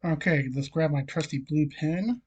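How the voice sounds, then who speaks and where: Moderately paced, slightly rough and a little mellow, this mid-range voice comes from a hockey vlogger with a frog in the throat and a cough that won't quit. His casual picks rundown reads off scores and odds with many fillers.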